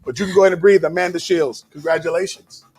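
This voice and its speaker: A man's voice: on the high side, fairly even intonation, quick pace, a little mellow. A man emceeing a live charity gala, announcing winners in a playful, sing-song, joking way. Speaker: emcee and comedian.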